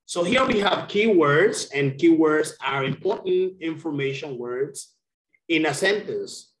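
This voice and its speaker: Guy teaching english on a video call, slow and patient, repeats words, echoey room. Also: fairly high pitch, lively intonation. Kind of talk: online English lesson. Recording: roomy echo.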